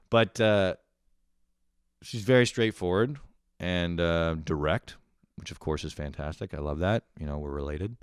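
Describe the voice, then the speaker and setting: A young man with a deep, low voice riffs in a loose, profane comedy monologue, wandering from story to story with self-mocking asides. His voice sounds clean and clear, recorded close in a dry room. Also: takes it slowly, long pauses, dry recording. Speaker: comedian, podcast host.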